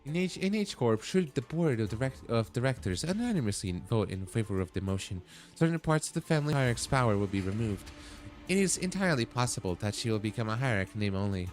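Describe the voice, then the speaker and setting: A man's voice: mid-range voice, big pitch swings, quick pace. A man streaming a game, reading its dialogue aloud and breaking off into blunt, swearing reactions. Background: faint game music.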